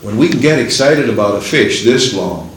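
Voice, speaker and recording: A man's voice: medium pitch, animated, moderate pace, heavy reverb, slight background noise, rough recording. A man preaching a fervent sermon and reading scripture aloud in old-fashioned wording.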